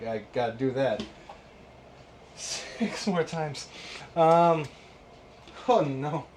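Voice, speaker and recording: Man, 30s, slightly high voice, sarcastic exasperated vlog host, profane rants, faint noise. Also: expressive, very slow, a little mellow. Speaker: YouTube host. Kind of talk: casual guitar how-to vlog.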